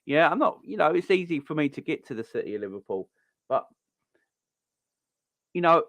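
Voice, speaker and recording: A man in his forties with a South London accent, ranting to camera as a football fan host. His voice sits fairly high for a man, and he swears freely, circling back over his own words. The sound is close and dry with no room around it. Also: sing-song, normal speed, fairly bright tone, no room sound. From South London, England. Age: 40s. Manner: angry, sweary, repeats himself and restarts often. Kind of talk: heated fan rant to camera.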